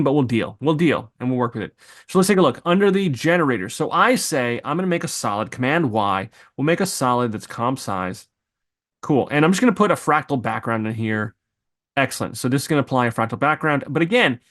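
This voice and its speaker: Guy walking through editing software on screen, mid pitch, reacts out loud as he clicks around. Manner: thinking aloud while clicking, loose asides and exclamations. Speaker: video editing instructor. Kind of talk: screen-recorded software tutorial.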